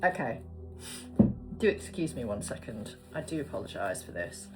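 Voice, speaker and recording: A woman's voice: rumbling low, sing-song, normal speed, music in the background. Chatty British woman in her forties. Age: 40s. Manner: chatty, swears casually, goes off on tangents. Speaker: tarot card reader. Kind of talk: casual tarot reading to camera.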